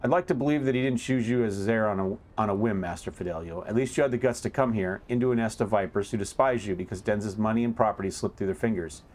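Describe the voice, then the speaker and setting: A man's voice: fairly low pitch, fast, hardly any pauses, darkish tone, natural voice. A man voicing a blunt, sardonic male chaplain from a game, reading his lines aloud in a dry, scornful way.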